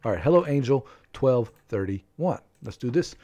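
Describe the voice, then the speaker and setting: Man, game streamer, live commentary, excitable, high shouts, keyboard clicks behind. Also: moderate pace. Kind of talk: live gameplay commentary to viewers.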